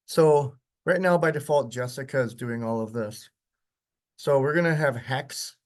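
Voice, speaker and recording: A male instructor talks through a live software demo. He is loose and conversational, with lots of ums and the odd chuckle. His voice sits at an ordinary middle pitch. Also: unhurried. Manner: casual, chatty, with short chuckles and frequent ums. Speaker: workshop instructor. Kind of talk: live software demonstration lecture.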